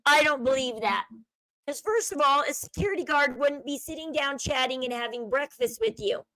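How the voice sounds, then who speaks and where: A woman runs her own commentary channel, chatting in a high, animated voice at normal speed over a video clip. She speculates freely and sinks into a low murmur whenever she quotes others. The audio is poor, but dry, close, and echo-free.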